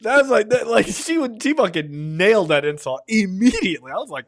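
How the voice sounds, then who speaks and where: A man's voice: high voice, very animated, fairly quick, fairly bright tone, no echo. Laid-back man rambling about a film. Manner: laid-back, rambling, profane, frequent "like" and laughter. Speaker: podcast co-host. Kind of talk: casual movie review chat.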